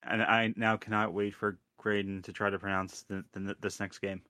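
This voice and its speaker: A man co-hosting a podcast in casual chat, talking haltingly with many restarts. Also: on the low side, flat delivery, sharp tone. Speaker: podcast co-host.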